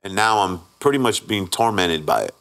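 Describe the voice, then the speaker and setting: Low-voiced and a bit bright, this man talks at a moderate pace with lively intonation. As a guest, he gives his personal testimony in a plain, candid way, frequently asking "right?", restarting his sentences, and performing the quoted voices of the people involved like an earnest storyteller.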